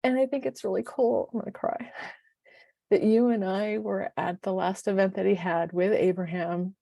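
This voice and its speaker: Lively woman in her fifties, dry close sound. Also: medium pitch, moderate pace, gravelly, no room sound. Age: 50s. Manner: animated storyteller who acts out quoted dialogue. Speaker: podcast co-host. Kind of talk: casual podcast chat.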